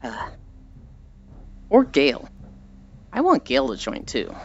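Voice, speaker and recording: A man's voice: mid-range voice, wildly swooping pitch, slow, a little mellow, slight background noise. An American man chatting casually on a live stream, rambling and reading chat aloud. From United States. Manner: rambling, chatty, laughs at own stories. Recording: dull lo-fi audio with faint background music.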